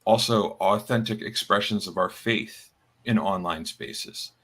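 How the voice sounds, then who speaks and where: Bright-voiced man chatting on a podcast. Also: on the low side. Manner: halting, many fillers and restarts. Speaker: podcast co-host. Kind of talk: casual chat.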